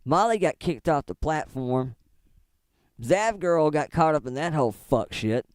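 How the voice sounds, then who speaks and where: A middle-aged commentary streamer rambles through casual, profane takes on online drama, laughing often. His voice sits fairly high and is expressive and unhurried. The studio-quality recording has no room sound.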